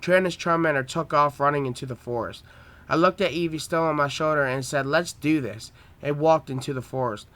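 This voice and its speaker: A man's voice: a little high, brisk, fairly bright tone. A man reading his own homemade story aloud, with plain delivery and small stumbles.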